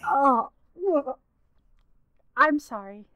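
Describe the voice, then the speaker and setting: A woman's voice: sits high, lively intonation, very slow, pushed and bright, dry recording, heavily acted. A woman voicing a flustered, blunt young woman in a tabletop game, stammering through her words.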